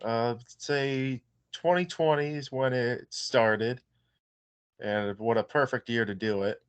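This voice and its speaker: A man's voice: mid-range voice, takes it slowly, smooth, dry recording, highs cut off. Laid-back young man, dry sound. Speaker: wrestler guest. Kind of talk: casual interview chat.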